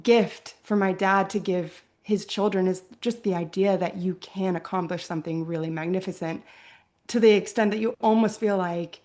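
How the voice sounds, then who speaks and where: A young adult woman from Virginia speaks as an interview guest in an earnest, reflective way. Her pitch sits in the middle range, and she often closes her thoughts with a soft "right?". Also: fairly even intonation, moderate pace.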